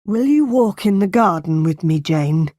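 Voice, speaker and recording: A brooding gentleman speaks in measured, firm tones, read by a woman narrator. The lines come low and slow in a storybook reading for learners, close to a dry mic. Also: animated, no echo. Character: brooding gentleman of the house, man, middle-aged.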